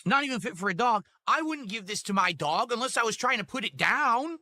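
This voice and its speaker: A man's voice: extremely high pitch, lively intonation, brisk, sharp tone. A man reviewing food on camera from his desk at home, ranting indignantly and repeating himself. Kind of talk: angry food review rant.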